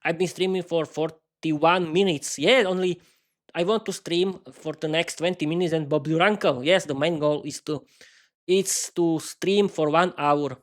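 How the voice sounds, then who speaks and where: A man's voice: a little high, unhurried. Rambling self-mocking man streaming solo. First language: not English. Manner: rambling, many restarts and repeated words; earnest and self-mocking, often laughing at himself. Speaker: podcast host.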